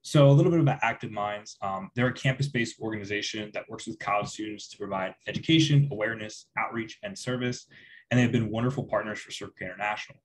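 A man's voice: fairly low pitch, fast, a little hiss or hum, poor audio. A man hosting an online event, reading a prepared introduction of the guest speaker over a video call. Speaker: event host.

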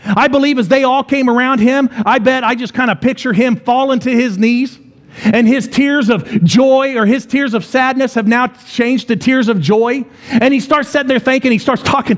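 A man's voice: very high-pitched, moderate pace. A man in his forties preaching a sermon as pastor, telling a story with rhetorical questions and repetition. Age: 40s. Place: church.

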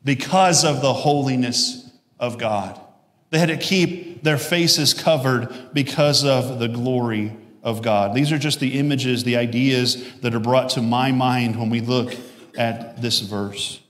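A man's voice: mid-range voice, unhurried. Man preaching in an echoey church. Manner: conversational preaching with jokes and self-corrections. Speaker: pastor. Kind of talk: sermon. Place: church sanctuary.

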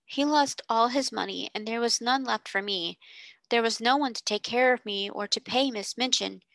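A woman voicing a quiet, earnest orphan girl. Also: a little high, moderate pace, gravelly, no echo, voice pushed up.

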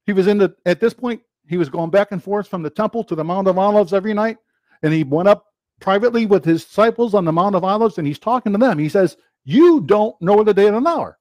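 A man with a notably high voice preaches a sermon in an animated way. He quotes scripture and acts out little exchanges of questions and answers. The sound is close and dry, with no room echo. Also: quick pace.

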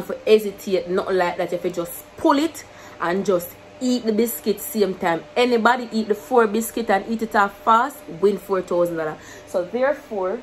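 A woman's voice: mid-range voice, a little hiss or hum, rough recording. A young woman with a Jamaican accent chatting casually to her camera, mixing English with patois and laughing often. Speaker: YouTuber. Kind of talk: casual vlog chat to camera.

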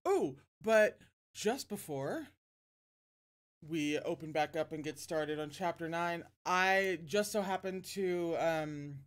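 A woman hosting a casual livestream, chatting warmly and self-deprecatingly between reading a novel aloud. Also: on the low side, animated, takes it slowly.

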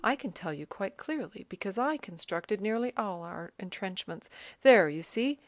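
A woman's voice: mid-range voice, animated, normal speed, no room sound, lightly acted. A woman reading the lines of a self-assured male army officer who eagerly explains and points things out, in an audiobook. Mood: explaining.

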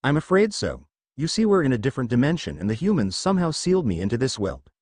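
A man voicing an ancient, bossy male kaiju king in a fan story reading, with a teasing manner and lively pitch. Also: quick pace, husky, no echo.

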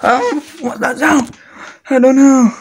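A woman voicing every character of a homemade cartoon, excitable and broken in her phrasing, jumping between squeaky highs and gruff lows. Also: takes it slowly, background noise. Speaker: fan animator voicing all characters.

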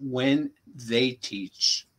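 A man teaching a language lesson, saying phrases slowly and carefully and then explaining them in English. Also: medium pitch, a bit bright, slightly rough.

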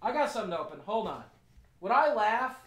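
A male streamer chatting casually with his viewers, rambling and thanking them as he goes. His voice sits notably high for a man. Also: sing-song, fast talker, fairly bright tone, slightly rough. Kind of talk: casual live-stream chat.

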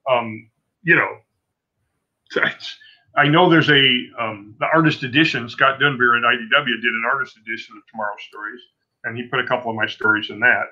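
A man in his sixties talks through his career as an interview guest, his voice cutting and bright. He rambles, doubles back and restarts his sentences as the anecdotes pile up. The recording is muffled and lo-fi. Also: medium pitch, steady tone, fairly quick. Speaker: comic book artist guest. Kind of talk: casual interview storytelling. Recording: dull lo-fi sound.

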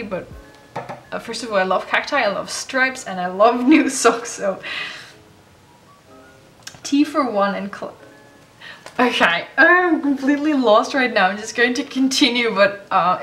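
A woman vlogger chatting casually to camera as she opens fan mail, gushing and excitable. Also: a little high. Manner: gushing, excitable, gasps and laughs often. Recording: echoey room with faint noise.

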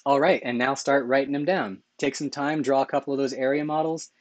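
A man's voice: medium pitch, fairly even intonation, fairly quick, dry recording. Enthusiastic male math lecturer, dry close sound. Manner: enthusiastic, self-correcting, asks rhetorical questions with "right?". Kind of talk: recorded lecture over slides.

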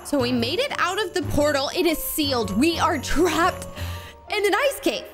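A woman hosting a Minecraft video with excited, playful commentary, gasping and shrieking often. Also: sits high, normal speed, over music. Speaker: gaming YouTuber host.

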